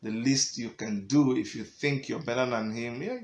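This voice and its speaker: A middle-aged Nigerian man and political party member rants emphatically in a vlog, mixing Pidgin and English and chuckling often. His Nigerian-accented voice is mid-range and steady at a normal speed, with a roomy sound.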